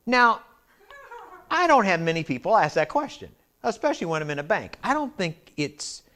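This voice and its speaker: A man's voice: on the high side, big pitch swings, brisk, a bit bright. A man preaching as pastor at a church service. He tells a personal story in a loose, conversational way, with asides to the congregation and a habit of tacking on "and everything else.". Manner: repeats filler phrase "and everything else". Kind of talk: storytelling sermon.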